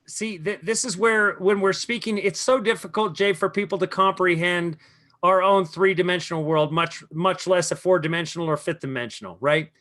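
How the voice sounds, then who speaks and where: A man giving a guest's spiritual talk, lecturing emphatically and slowing down on key words. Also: sits high, a bit bright. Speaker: guest speaker.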